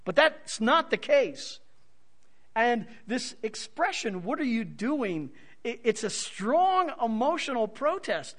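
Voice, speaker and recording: Animated preacher man, lively pitch. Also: slow. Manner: animated, swings from soft to loud for emphasis. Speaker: pastor. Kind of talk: expository sermon.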